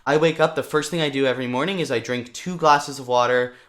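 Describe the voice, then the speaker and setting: A young man teaching singing to camera as a vocal coach, talking in a lively way and breaking off to demonstrate voice sounds. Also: medium pitch, quick pace.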